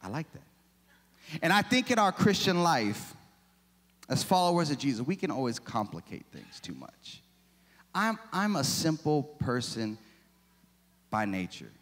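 A man's voice: fairly high pitch, sing-song, unhurried, pauses often, fairly bright tone. A man in his forties preaching a sermon, chatty and self-deprecating, with lots of rhetorical questions. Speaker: pastor. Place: church sanctuary. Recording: long reverb of a church hall.

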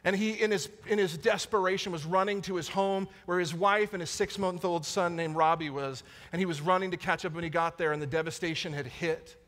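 High-voiced man preaching in a reverberant hall. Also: fairly even intonation, fairly quick, hardly any pauses, fairly bright tone. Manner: earnest, repeats key lines for emphasis. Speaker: pastor. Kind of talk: sermon. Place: church sanctuary. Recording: long church hall reverb.

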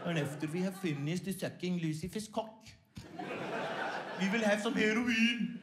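A high, cheerful male devil worshipper, as a stand-up comic puts him on, calmly listing dark rites with little stumbles. The sound is roomy, with loud ambient noise throughout. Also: measured pace. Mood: earnest. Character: eager male devil worshipper, matter-of-fact. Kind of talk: stand-up bit.

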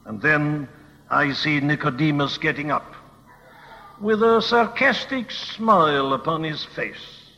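A man's voice: on the high side, slow pace, sharp tone. A man preaching a sermon, telling the story vividly and with emphasis. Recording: old dull recording in a reverberant hall.

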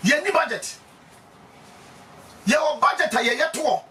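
A man with a Ghanaian accent preaching emphatically, laughing often and breaking into shouts. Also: extremely high pitch, animated, a little slow, far from the mic, a little hiss or hum. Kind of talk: animated preaching.

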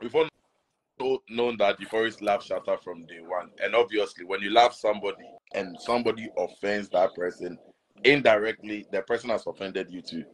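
A man on a live stream, calmly explaining his points and trying to settle an upset woman. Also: lowish voice, brisk, poor audio.

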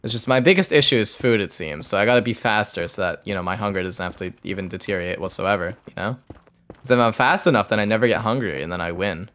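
A man's voice: lowish voice, fast, a bit bright. A young man streaming a game, muttering a loose running commentary to himself as he plays. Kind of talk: live gameplay commentary.

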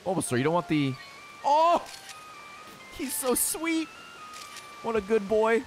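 Excitable American man joking through a game. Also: high-pitched, slow pace, faint music behind. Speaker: gaming video creator. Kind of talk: casual gameplay commentary.

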